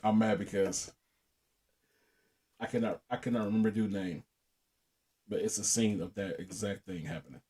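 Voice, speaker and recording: A man's voice: fairly low pitch, steady tone, normal speed, pauses often, warm tone. A young man co-hosting a podcast, telling a profane story in casual chat and laughing often. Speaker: podcast co-host.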